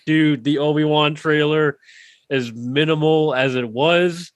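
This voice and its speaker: A man's voice: fairly high pitch, steady tone, unhurried, dry recording. Laid-back man co-hosting a podcast. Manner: laughs easily, jokey. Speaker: podcast co-host. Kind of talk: casual chat.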